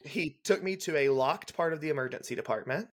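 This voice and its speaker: A young adult man, a guest on a podcast, telling a detailed clinical story in a brisk, casual way and acting out the dialogue. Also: fairly high pitch. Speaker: guest, legal nurse consultant.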